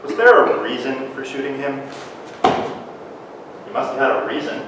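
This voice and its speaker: An actor playing a police officer who questions two sisters in a measured, probing way on stage. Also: medium pitch, expressive, close to an everyday voice. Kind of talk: live stage drama. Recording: echoey hall, distant mic, faint noise.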